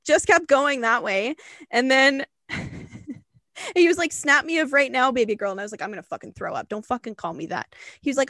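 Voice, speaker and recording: A young woman co-hosts a podcast. Her voice sits a bit high. She tells a story in a loose, animated way, laughing and swearing all through it, and the sound is close and dry. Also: dry recording. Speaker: podcast co-host. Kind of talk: casual storytelling chat.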